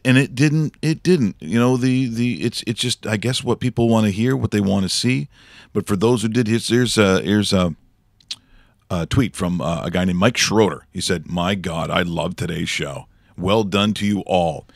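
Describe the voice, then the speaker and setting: A man's voice: on the low side, normal speed, vocal fry, no echo. A man hosting a casual studio morning show, rambling enthusiastically with many restarts. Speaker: show host.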